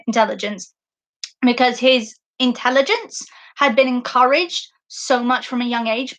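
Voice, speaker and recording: A woman's voice: a little high, fairly bright tone. A woman podcast host in a casual livestream book discussion, talking effusively and emotionally, often laughing and using fillers.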